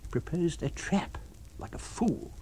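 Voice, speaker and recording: A jittery scientist, pitched well above his usual register, husky and lively. His lines come tight and uneasy, as a male reader puts him on. The audiobook reading keeps him a touch breathless. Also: moderate pace, exaggerated voice. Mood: tense.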